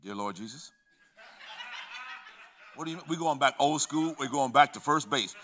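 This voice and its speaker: An older man preaching a sermon as pastor, swinging between hushed, low passages and loud, emphatic ones, acting out conversations from his stories. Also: quick pace, slight background noise.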